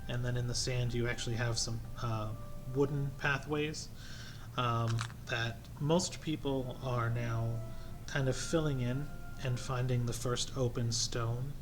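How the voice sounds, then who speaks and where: A man narrating a tabletop game as game master, relaxed and hesitant with many fillers. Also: mid-range voice, unhurried. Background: music.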